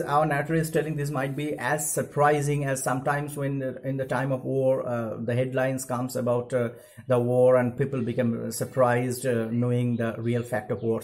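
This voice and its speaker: A male English teacher with an Indian accent speaks at medium pitch with a darkish tone, heard through a low-quality recording. Explaining a literature text in a recorded lesson, he reads part of a story aloud and follows it with a paraphrase packed with fillers.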